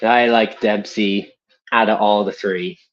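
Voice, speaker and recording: A young man chatting on a live stream, rambling and self-deprecating about his amateur voice acting. His voice is fairly low, and he laughs easily. The audio is dull and lo-fi. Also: fairly even intonation, unhurried, soft background music. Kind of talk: casual live-stream chat.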